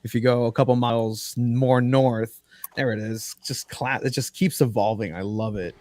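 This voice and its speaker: A man's voice: mid-range voice, fairly even intonation, normal speed, a little mellow, no echo. A man from San Diego co-hosting a casual podcast, riffing and joking. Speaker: podcast co-host. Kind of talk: casual chat.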